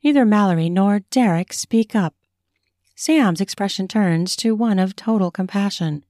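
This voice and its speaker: A woman author narrates her own erotic fiction in a measured, sensual reading. Her tone is mellow and warm, recorded dry and close. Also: mid-range voice, no room sound. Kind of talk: audiobook reading.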